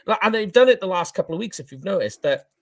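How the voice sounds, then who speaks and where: Man, Welsh accent, animated sports chat, laughs at himself, dry close recording. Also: high voice, quick pace, vocal fry, no room sound. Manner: animated, self-deprecating, laughs at own slips. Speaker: co-host. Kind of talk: casual sports podcast chat.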